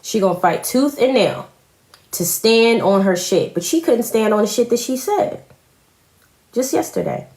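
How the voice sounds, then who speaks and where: A woman delivers a confrontational live-stream rant, full of profanity and pointed repetition. Her voice sits a little high. The sound bounces around an echoey room. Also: expressive, unhurried, darkish tone.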